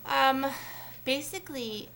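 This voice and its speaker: A woman's voice: high-pitched, slow pace, creaky, sharp tone, a little hiss or hum. A young woman talking casually to camera on a shared vlog channel, rambling with many fillers and restarts. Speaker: vlogger on a collab channel.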